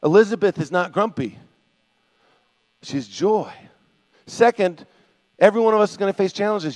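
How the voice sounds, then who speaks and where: An older male pastor preaching in an animated way. His voice sits fairly high, and he swings from hushed lines to loud bursts. The sound is dry and close. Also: normal speed, no room sound. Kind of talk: sermon.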